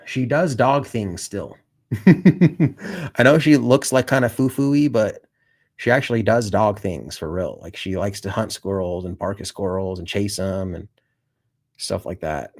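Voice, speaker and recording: A man's voice: fairly low pitch, measured pace, a little mellow. A man chatting casually on a live stream, rambling to his viewers, swearing and saying "dude" a lot. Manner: talks straight to his viewers.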